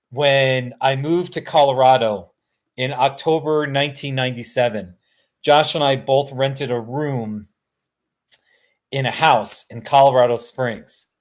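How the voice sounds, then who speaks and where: A tired middle-aged man hosting a casual live stream from his couch at home, rambling, self-deprecating and laughing often. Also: mid-range voice. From United States.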